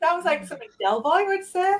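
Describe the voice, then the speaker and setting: A woman's voice: very high voice, lively intonation, brisk, slight background noise, low-quality recording. A woman playing along in a party quiz, chatty and self-deprecating, giggling often. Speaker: quiz player. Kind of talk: casual chat.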